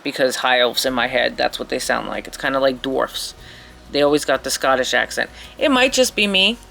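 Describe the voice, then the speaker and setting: Gravelly, rambling woman chatting while painting. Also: a bass voice, little pitch movement, a little fast, a bit bright, a little hiss or hum. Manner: rambling, chatty, self-mocking. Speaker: painting vlogger. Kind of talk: casual chat while painting.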